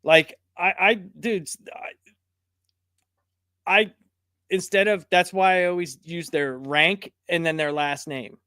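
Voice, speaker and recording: A man's voice: high-pitched, fairly even intonation, slow pace, pauses often, pushed and bright, smooth, no room sound, studio quality. A man co-hosting a podcast in casual chat, blunt and exasperated, often stammering over his words. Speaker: podcast co-host.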